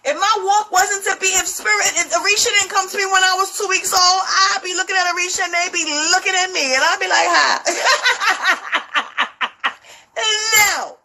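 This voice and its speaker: A woman's voice: very high voice, steady tone, fast, hardly any pauses, sharp tone, poor audio. A woman talking in a casual monologue, blunt, emphatic and profane, telling her story with laughter. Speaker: spiritual practitioner.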